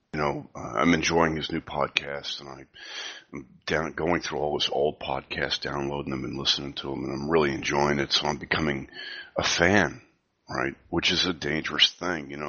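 A man in his fifties with a cold, talking softly and rambling with many fillers in a casual podcast chat over a video call. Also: extremely low pitch, highs cut off. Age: 50s. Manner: speaking softly, half whispering. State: has a cold. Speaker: podcast co-host.

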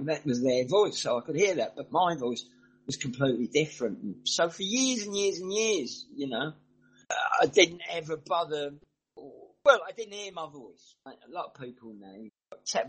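A man's voice: fairly high pitch, expressive, normal speed, slightly rough, poor audio. A middle-aged man from the English Midlands with a mixed English accent, chatting casually and rambling through stories full of asides. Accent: mixed northern and southern English. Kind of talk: casual chat.

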